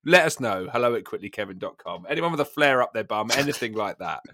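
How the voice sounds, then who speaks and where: A man hosting a casual podcast chat, laughing and reacting with incredulous, high exclamations. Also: animated, fast talker, pushed and bright. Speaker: podcast host.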